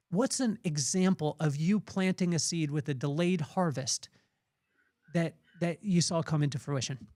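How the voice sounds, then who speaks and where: A man's voice: a little high, moderate pace, a little mellow, no echo. A man hosting a podcast, telling a rambling personal story with many restarts. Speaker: podcast host. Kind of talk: casual interview chat.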